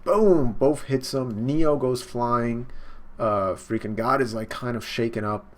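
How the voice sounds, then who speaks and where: A man casually and excitedly recapping a comic chapter in slangy talk during a live stream, jumping into the characters' lines. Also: medium pitch, measured pace. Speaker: online manga reaction host.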